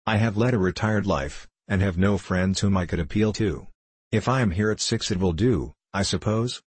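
A man reading the part of a gentle, reserved young woman, polite and soft-spoken. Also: lowish voice, normal speed, slightly rough, no echo.

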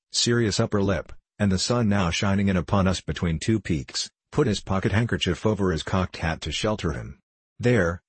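A male audiobook narrator reads a classic adventure novel in a steady, unhurried way. His voice is deep and somewhat husky. The recording is close and dry, with no room sound. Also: dry recording. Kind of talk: scripted narration.

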